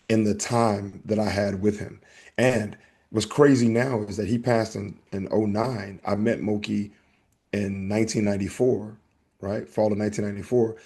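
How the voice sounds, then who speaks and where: A man hosting a casual podcast, telling a story in an animated way and acting out the back-and-forth. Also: on the low side, slightly rough. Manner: animated storytelling, acts out exchanges. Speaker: podcast host.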